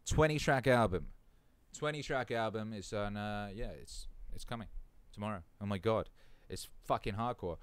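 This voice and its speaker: A man's voice: lowish voice, moderate pace, hardly any pauses, clear, resonant tone, no echo. A man hosting a casual live stream, reading out chat comments in a laid-back way and swearing freely.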